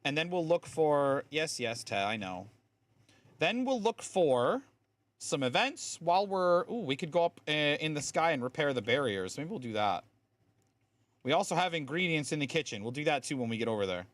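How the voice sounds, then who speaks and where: A man's voice: fairly high pitch, very animated, normal speed, a bit bright, dry recording. A man streaming a game, explaining game mechanics in a chatty way with lots of fillers. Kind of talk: casual live-stream commentary.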